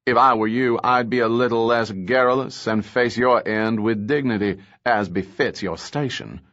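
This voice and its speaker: A man's voice: mid-range voice, normal speed, fairly bright tone, muffled recording, natural voice. A man voicing a cold, self-satisfied male villain who speaks in a languid, mannered way. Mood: menacing.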